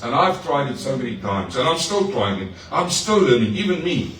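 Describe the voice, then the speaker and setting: A pastor preaching to his congregation, lively and personal, with playful asides and questions to the room. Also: medium pitch, normal speed. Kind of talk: sermon. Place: church hall. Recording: echoey hall, mic far off.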